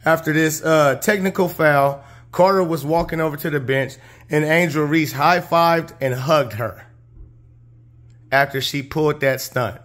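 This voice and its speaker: A man giving heated, indignant commentary while reacting to basketball footage, talking casually with slang and climbing loud and high when outraged. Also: measured pace. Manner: casual slangy speech, talks over game footage. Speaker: sports commentator.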